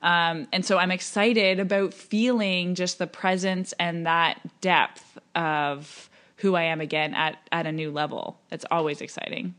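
A woman with a somewhat low voice co-hosts a relaxed podcast conversation. She talks freely, laughs easily and fills pauses with ums and likes as she thinks aloud. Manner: chatty, laughs often, thinks aloud with fillers. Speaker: podcast co-host. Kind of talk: casual chat.

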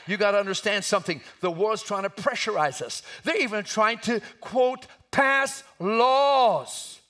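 A man delivers a passionate sermon, his voice pitched high and swinging widely as he drives each point home. His tone is bright and forceful, and he rises into shouts at the climaxes. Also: lively intonation, a little slow. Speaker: preacher.

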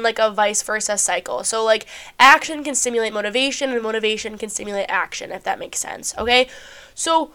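A woman's voice: a little high, fairly bright tone, smooth. A young woman hosting a podcast, sounding a bit stuffy, chatting casually about self-help and swearing freely with lots of "like". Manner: chatty, swears often, heavy use of "like". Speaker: podcast host.

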